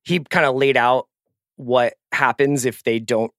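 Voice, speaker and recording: A man co-hosting a podcast in casual chat, relaxed and joking with many fillers. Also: medium pitch, measured pace, dry recording, studio quality. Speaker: podcast co-host.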